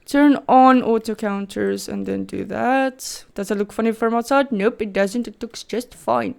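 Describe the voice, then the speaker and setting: A woman's voice: on the high side, a little slow, vocal fry, a little mellow, clear, resonant tone. A woman from South Africa, a native Afrikaans speaker with a South African accent, giving chatty, rambling gameplay commentary as a Sims YouTuber.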